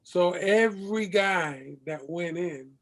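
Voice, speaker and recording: Slow-talking man telling an audition story. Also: high-pitched, a bit bright. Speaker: actor. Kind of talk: anecdote told to an audience.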